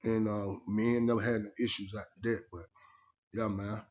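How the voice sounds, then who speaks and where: A man's voice: on the low side, level tone, brisk. A man telling a story in casual first person, emphatic and streetwise, often asking "you know what I mean". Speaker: vlogger.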